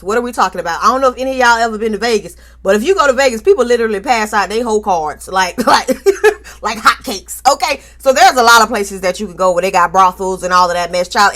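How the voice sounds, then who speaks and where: A woman's voice: mid-range voice, expressive, fast, hardly any pauses, a bit bright. A woman hosting a casual reality TV recap, sassy and outspoken, with frequent asides. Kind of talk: casual episode recap commentary.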